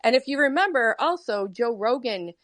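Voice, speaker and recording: Woman in an online group talk, hesitant and full of fillers, slightly higher voice, dry sound. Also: animated, normal speed, a bit bright, no echo. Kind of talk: casual group discussion.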